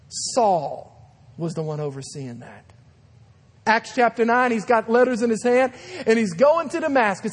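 A man in his thirties, a guest pastor, preaches a sermon in a large church sanctuary, where long hall reverb trails his words. His voice sits extremely high with a breathy edge, and he tells stories dramatically, acting out the voices.

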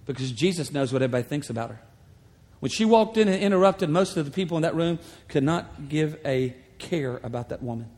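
Storytelling pastor in a ringing hall. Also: male voice, on the high side, a little fast. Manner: storytelling, conversational, animated asides. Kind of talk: sermon. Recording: long hall reverb.

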